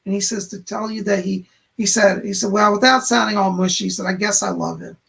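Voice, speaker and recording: Gravelly husky male psychic host. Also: sits high, fairly even intonation, a little fast, fairly bright tone. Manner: relays spirit messages, frequent "he said" and "hold on". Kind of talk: live-stream psychic readings of chat questions.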